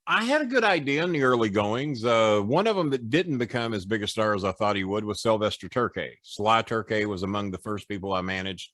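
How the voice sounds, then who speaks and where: A man in his sixties, a podcast guest and former wrestling manager, telling animated, profane stories and acting out the people in them. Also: lowish voice, brisk, hardly any pauses, dry recording, studio quality. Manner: animated storyteller, profane, doing voices. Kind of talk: podcast storytelling.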